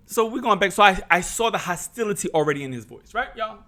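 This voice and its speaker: A middle-aged vlogger from New Jersey tells his viewers a personal story in a fast, expressive voice that sits high, swings widely, and has a bright edge. Sounding more like a preacher than a chatter, he repeats and restarts phrases and calls out to his brothers and sisters.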